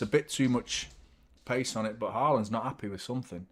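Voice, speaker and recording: Male streamer, mid-pitched, excitable, swears a lot, reacts to the match and reads the chat live. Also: brisk. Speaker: host of a football watchalong stream.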